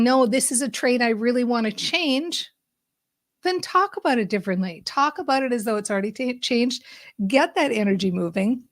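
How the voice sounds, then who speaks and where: A woman hosting a podcast, giving an upbeat, emphatic motivational monologue that speeds up and slows down for effect. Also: on the high side, dry recording, studio quality. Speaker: podcast host and mindset coach.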